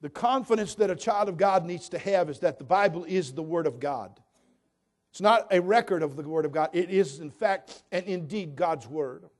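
An older man from California preaching a sermon in a slightly raised voice. He climbs to loud, emphatic peaks and then drops into quiet, low asides. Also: normal speed. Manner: swings from loud emphatic build-ups to soft, low asides.

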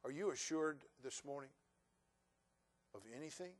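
In this sermon, a middle-aged man of the cloth moves from down-to-earth anecdotes to emphatic, booming preaching. He speaks at a moderate speed in a slightly high voice.

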